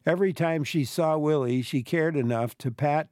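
A man's voice: a little high, normal speed, a little mellow, no echo, clean studio sound. A man hosting a radio call-in show, reading listener emails in a conversational way. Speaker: radio host. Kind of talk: radio interview.

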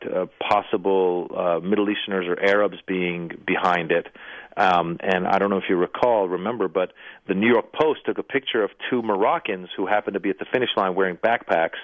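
Lower-pitched man on a thin phone line. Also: no room sound. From Iranian-American family. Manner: storytelling with hesitations, self-deprecating. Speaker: comedian and actor, interview guest. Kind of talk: casual anecdote-telling interview. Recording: dry, phone-like radio line.

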